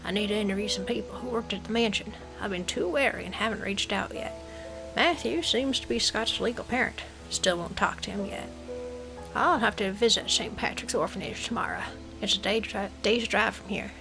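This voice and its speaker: A woman voicing a hard-boiled male gumshoe reading his case notes in a clipped, brisk way. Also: mid-range voice, creaky, over music, close to an everyday voice, low-quality recording. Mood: brooding.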